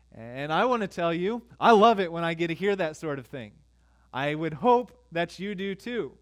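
A man's voice: high voice, animated, normal speed. A middle-aged man preaching a sermon as pastor, conversational and full of fillers, quizzing his congregation.

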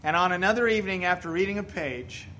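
A man's voice: high-pitched, fast, sharp tone, a little hiss or hum. A male pastor preaching a sermon, telling stories and rising to emphatic bursts.

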